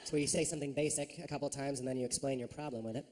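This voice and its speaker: A man doing a stand-up comedy set on a club stage, animated and full of silly voices and sound effects. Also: medium pitch, rapid-fire, in a large hall, a little hiss or hum. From United States.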